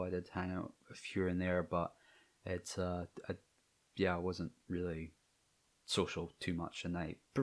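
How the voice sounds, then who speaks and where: Scottish guy near edinburgh, low voice, lots of ums, nervous vlog chat to camera. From Scotland. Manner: hesitant, many ums and restarts, self-conscious. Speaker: channel host.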